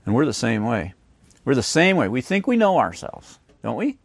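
A man's voice: mid-range voice, big pitch swings, moderate pace, vocal fry, no room sound. A man preaching a sermon who acts out the voices of the people in his stories. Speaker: pastor.

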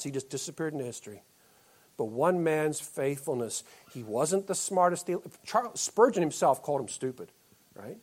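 A man preaching a sermon as pastor, moving between loud emphatic lines and quiet, slowed-down ones. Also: a little high, animated, husky.

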